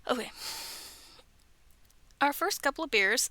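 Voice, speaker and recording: A woman in her thirties with a high, bright voice and a gravelly edge reads scary stories aloud. She keeps stopping for chatty asides and drops into soft whispers. The recording is close and dry. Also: sing-song, a little slow, pauses often, dry recording. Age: 30s. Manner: chatty, self-aware, often laughs and whispers asides. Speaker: streamer reading online stories. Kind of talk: casual reading with asides. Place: bedroom at home.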